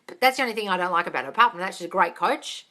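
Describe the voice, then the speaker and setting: A woman hosting a casual live Q&A as a manifestation coach, chatty and animated, swearing freely and laughing often. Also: on the low side, racing. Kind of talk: casual live-stream chat.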